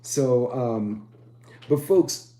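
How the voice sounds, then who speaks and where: With drawn-out words and a mellow, mid-range voice, a middle-aged man hosting a preparedness live stream chats casually and rambles while greeting commenters. The room is echoey.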